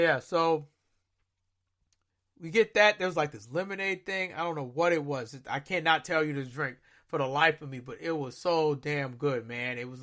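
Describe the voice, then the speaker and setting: A man with a high, bright, forceful voice tells stories as a podcast co-host. His talk is casual and slangy, and he gets animated as he goes. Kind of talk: casual storytelling chat.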